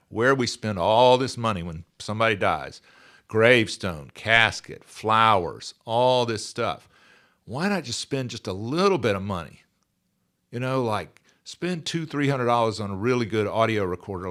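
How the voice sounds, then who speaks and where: A man's voice: fairly low pitch, fairly bright tone. A man in his sixties, speaking as a podcast guest in an earnest, emphatic way and repeating his key phrases. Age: 60s. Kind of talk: conversational interview.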